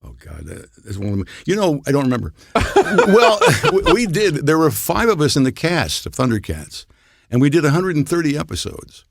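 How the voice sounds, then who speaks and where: A man's voice: a little high, huge pitch swings, moderate pace, gravelly, no room sound, clean studio sound. An older man, a voice actor guest, telling rambling anecdotes with chuckles in a casual podcast chat.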